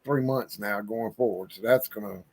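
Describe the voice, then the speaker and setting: A man in casual livestream chat, talking about his small gear business in a halting, easygoing way with frequent restarts. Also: fairly low pitch, darkish tone, husky. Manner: halting, self-correcting, easygoing. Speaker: co-host, one-man gear business owner.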